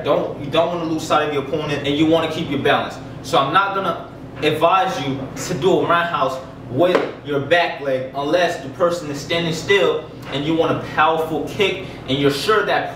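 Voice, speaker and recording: A man's voice: on the high side, fairly bright tone, slight background noise. A man teaching basic karate kicks in a loose, chatty way, out of breath as he demonstrates. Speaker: karate instructor. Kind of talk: casual martial arts lesson. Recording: echoey room, mic from a distance.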